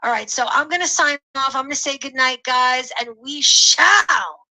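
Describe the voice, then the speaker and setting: A woman's voice: sits high, normal speed, sharp tone, poor audio. A woman live streamer chatting casually with her viewers and signing off.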